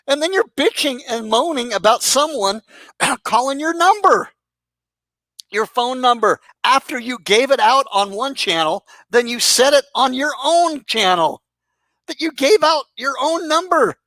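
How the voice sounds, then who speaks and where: This commentary YouTuber's voice is very high-pitched, pushed and bright, animated yet unhurried, on a dry recording. His profane rant is a mocking roast of another online personality, laced with sarcasm and swearing.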